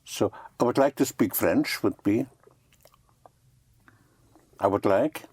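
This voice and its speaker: A man's voice: lowish voice, takes it slowly, darkish tone, husky, no echo. A man teaching French vocabulary, patiently repeating each word and spelling it out letter by letter. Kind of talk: language lesson.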